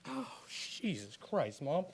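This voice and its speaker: A young man, a race car driver, answers press questions in a halting, emotional way with frequent sighs. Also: high-pitched, creaky, a little mellow. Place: post-race press room.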